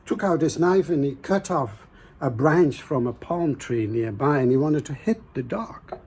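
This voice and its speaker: A man hosting a show and telling a folktale in a slow, gentle, pausing way with hushed asides. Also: mid-range voice, breathy edge. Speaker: storyteller, host. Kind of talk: folktale storytelling.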